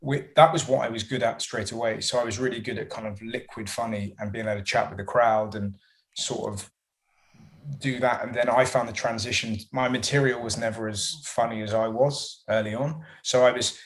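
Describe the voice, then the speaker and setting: A man's voice: mid-range voice, steady tone, brisk. Male comedian, mid-range voice, chatty and rambling in interview. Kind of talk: casual interview answers.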